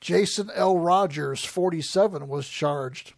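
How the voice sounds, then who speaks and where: A man's voice: a little high, a little slow, creaky. A man hosting a casual talk show, reading odd news stories aloud and giggling as he goes. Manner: giggles through what he reads. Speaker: host.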